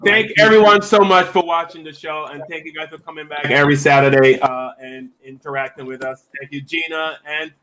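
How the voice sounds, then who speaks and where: A man's voice: on the high side, fairly even intonation, fairly quick, hardly any pauses, a crowd in the background, low-quality recording. A man hosting a comedy talk show in casual chat, joking and laughing often with plenty of fillers.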